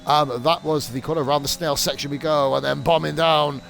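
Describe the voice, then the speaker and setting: A man's voice: on the high side, steady tone, a little fast, vocal fry, fairly bright tone, faint music behind. A young adult man from the UK, commentating a sim racing league on a live stream in a sweary, rambling, jokey way.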